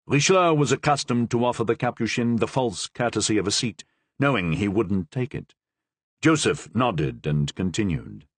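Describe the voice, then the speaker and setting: A man reading a historical novel aloud as narrator, with expressive, lively delivery. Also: fairly low pitch, normal speed, husky, dry recording. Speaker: audiobook narrator. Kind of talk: scripted narration.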